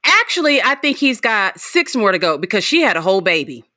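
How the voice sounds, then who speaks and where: A woman's voice: medium pitch, big pitch swings, brisk, pushed and bright, no echo, studio quality. A woman guest on a podcast, chatting casually about a show, laughing often and chiming in with agreement. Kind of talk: casual recap chat.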